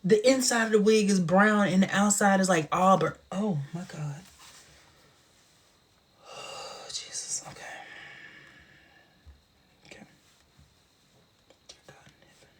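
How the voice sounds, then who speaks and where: A man hosting a casual live stream, talking in a sassy, chatty way with a big booming laugh. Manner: sassy, chatty, drawn-out expressive delivery.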